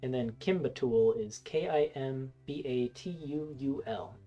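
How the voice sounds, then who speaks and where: A game master narrates a tabletop game in a loose, hesitant way, with frequent restarts. The tone is mellow. Faint music plays underneath. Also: medium pitch, unhurried, lo-fi sound.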